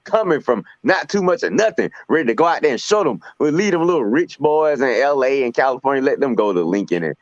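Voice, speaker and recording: A man's voice: medium pitch, very animated, fast, few pauses, dry recording. Trash-talking man on sports talk. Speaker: sports show co-host. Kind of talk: casual sports debate. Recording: dull lo-fi dry sound.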